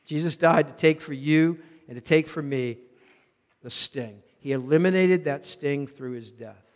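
Preacher guy, high voice, big echoey church hall, goes loud then drops real quiet. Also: unhurried. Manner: swings from raised emphatic lines to quiet low asides. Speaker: pastor. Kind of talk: sermon.

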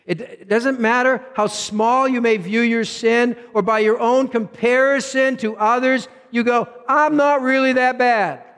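Preacher guy, high voice, big echoey church hall, goes loud then drops real quiet. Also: steady tone, a little slow, few pauses, smooth. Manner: swings from raised emphatic lines to quiet low asides. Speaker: pastor. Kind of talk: sermon.

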